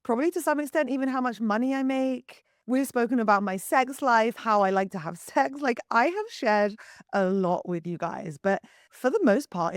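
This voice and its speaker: A young woman hosting a solo podcast, husky from the early morning, talking frankly to listeners as if to close friends. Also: lowish voice, dry recording. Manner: candid, confiding, talks to listeners like friends. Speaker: podcast host and wellness coach. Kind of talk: chatty solo podcast monologue.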